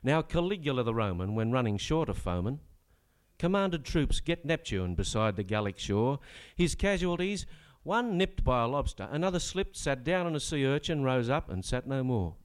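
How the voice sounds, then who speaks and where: A man's voice: medium pitch, sing-song, moderate pace, clean tone. An Australian man performing a comic rhyming ballad on stage, with dry, sardonic spoken asides between rollicking rhymed verses.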